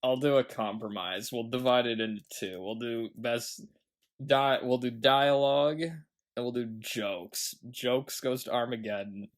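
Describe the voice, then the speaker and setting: A man co-hosts a movie podcast in loose, rambling casual chat, laughing often and quoting lines from films. His voice is medium-pitched and unhurried.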